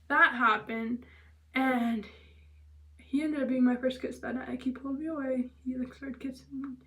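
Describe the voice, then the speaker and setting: A woman's voice: high voice, fairly bright tone, distant mic. A young woman vlogger telling a story in a loose, chatty way, filling it with "like" and "blah blah" and dropping to a whisper for asides. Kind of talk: casual storytelling.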